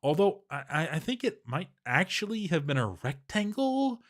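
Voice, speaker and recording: Man putting on a chirpy pun-loving dwarf diarist, prim and upbeat, bouncy pitch. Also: big pitch swings, moderate pace. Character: relentlessly cheerful, silly male dwarf diarist.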